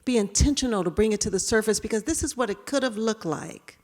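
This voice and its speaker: A woman speaker giving a talk, telling a personal story with animated voices for herself and others. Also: a little high, fast. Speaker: keynote speaker. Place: large hall. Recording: reverberant hall.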